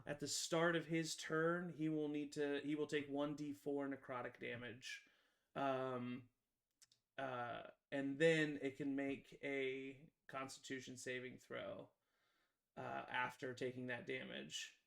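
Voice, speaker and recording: A man playing a tabletop game, talking casually in an animated, rambling way full of fillers and laughs. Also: mid-range voice, slow, creaky. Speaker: player.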